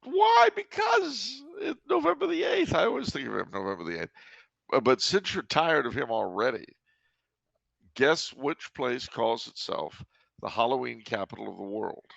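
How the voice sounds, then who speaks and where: A man's voice: mid-range voice, expressive, moderate pace, creaky, a bit bright, no echo, dull audio. A man hosting a casual podcast chat, talking in a dry, teasing way and breaking into sung jokes. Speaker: podcast host.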